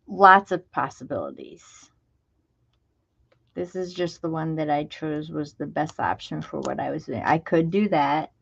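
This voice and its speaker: A woman chats her way through a crafting project, half to her viewers and half to herself. Her voice sits low with a gravelly edge, and she takes her time. The sound is slightly dull and lo-fi. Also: lively intonation, a little slow, no room sound. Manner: chatty, talks to herself while working, drops into whispers. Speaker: craft video host. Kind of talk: casual crafting vlog chat.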